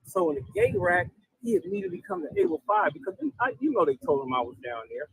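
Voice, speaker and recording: A man's voice: very high voice, fast, gravelly, slight background noise, poor audio. A man telling a long story about his time in county jail in a casual interview, rambling and acting out the dialogue. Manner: rambling, animated retelling with quoted dialogue.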